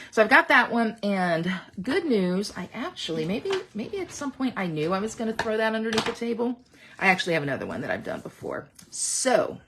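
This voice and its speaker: Chatty woman crafting, gravelly lively voice. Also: medium pitch, slight background noise. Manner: chatty, playful, exaggerating for fun. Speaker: card-making demonstrator. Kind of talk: casual crafting tutorial. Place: home craft room.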